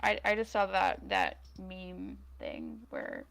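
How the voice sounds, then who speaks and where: A woman's voice: on the low side, wildly swooping pitch, slow pace, creaky, a bit bright, rough recording. A woman co-hosting a fan podcast, chatting casually with lots of fillers and trailing sentences. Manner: chatty, heavy use of "like", trails off. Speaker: podcast co-host.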